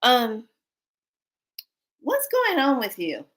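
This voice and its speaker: A man's voice: extremely high pitch, wildly swooping pitch, very slow, fairly bright tone, pitched above the performer's own voice, full character voice. Kindly generous man calling up a friend, as a woman quotes him, easygoing, upbeat, talkative. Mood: friendly.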